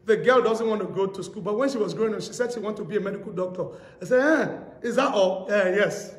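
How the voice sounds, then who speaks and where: A man preaching a sermon, telling stories with acted-out dialogue and rising to shouted exhortation. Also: high voice, fairly quick. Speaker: pastor. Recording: echoey hall reverb.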